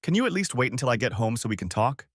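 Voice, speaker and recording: A man's voice: mid-range voice, sing-song, fast, no room sound, studio quality. A man voicing a desperate, unfaithful young wife who begs her husband over the phone. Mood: pleading. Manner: desperate, begging.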